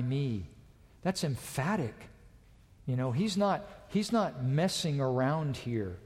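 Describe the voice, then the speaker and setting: A man preaching a sermon to a congregation, dramatic, rising loud and dropping to a hush. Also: mid-range voice. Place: church with a balcony. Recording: long reverb of a large church.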